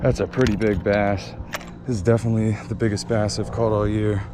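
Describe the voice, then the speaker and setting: A man's voice: on the low side, little pitch movement, brisk. Laid-back fishing vlogger man, noisy outdoors. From eastern Pennsylvania. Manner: laid-back, talks to viewers as "guys". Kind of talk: casual commentary while fishing. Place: outdoors by a small backyard pond. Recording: outdoor camera audio with clear background noise.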